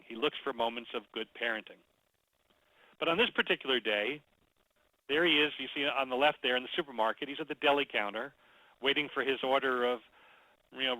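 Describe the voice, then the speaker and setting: Bright-voiced man presenting a webinar. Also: medium pitch, no echo, low-quality recording. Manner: conversational and animated, acting out the story. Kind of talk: webinar lesson with storytelling. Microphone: computer mic, webinar audio.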